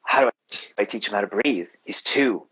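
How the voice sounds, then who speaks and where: A man hosting a podcast, telling a story in a relaxed, casual way full of fillers. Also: on the low side, moderate pace, husky, dry recording, highs cut off. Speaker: podcast host. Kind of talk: casual interview chat.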